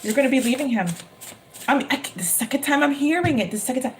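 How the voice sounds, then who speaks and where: A woman with a high voice gives a fast, live-streamed tarot reading, emphatic and excitable, repeating her lines again and again. Faint noise sits behind her.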